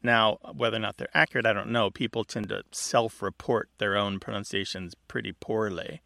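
A man's voice: on the low side, fairly even intonation, moderate pace, gravelly, pushed and bright, no echo, clean studio sound. A man co-hosting a radio call-in show about language, explaining words in a chatty way and laughing often.

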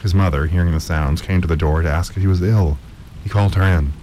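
A man reading a story aloud at a measured pace, with occasional stumbles and repeated words. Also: low-pitched, warm tone, slight background noise, poor audio. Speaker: narrator.

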